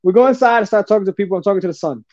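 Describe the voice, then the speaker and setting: A high-voiced podcast guest from New Jersey rattles off casual stories at a fast clip, loose and animated, cursing, using street slang, and saying "bro" a lot. The recording is dull and lo-fi, dry and close, with no room sound.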